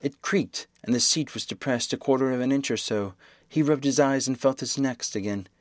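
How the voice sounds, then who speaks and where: A man reading a novel aloud as audiobook narration, in steady, measured storytelling. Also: mid-range voice, no room sound, studio quality.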